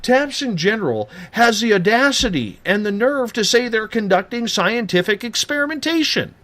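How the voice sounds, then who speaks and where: A man's voice: high voice, normal speed. Radio host guy ranting and ribbing his cohost, voice bouncing up and down a lot. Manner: animated, teasing, ranting. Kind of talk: late-night radio talk.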